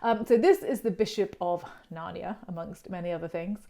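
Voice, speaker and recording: A woman's voice: fairly low pitch, normal speed, creaky, warm tone. Chatty woman hosting a history chat. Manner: chatty and digressive, telling stories on herself. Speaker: host of an online art channel's chat series. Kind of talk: casual educational chat.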